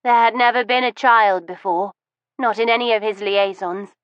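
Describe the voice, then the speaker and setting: A woman's voice: normal speed, smooth, dry recording, lo-fi sound, natural voice. A woman voicing a cold, bitter middle-aged wife who holds a gun, speaking icily with wounded resentment. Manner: icy and commanding, turning wounded and shrill. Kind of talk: audiobook reading.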